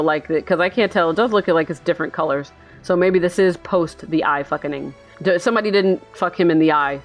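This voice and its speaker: A tired woman hosting a sleepy bedtime reaction, rambling and giggling through meandering musings. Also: low-pitched. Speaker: channel host.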